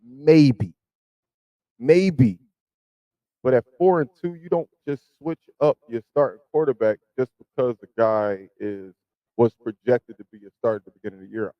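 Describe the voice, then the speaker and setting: A man hosting a podcast, chatting casually about football and swinging from low mutters to loud emphasis. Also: moderate pace, no echo, highs cut off. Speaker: podcast host. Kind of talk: casual sports chat.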